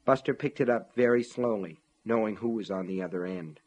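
A man narrating an audiobook in a measured, steady storytelling voice. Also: fairly low pitch, lo-fi sound.

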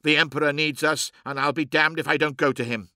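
A man's voice: on the high side, steady tone, fairly quick, bright, forceful tone, no echo, clean studio sound. A man voicing a grim, distracted male warrior set on marching to war.

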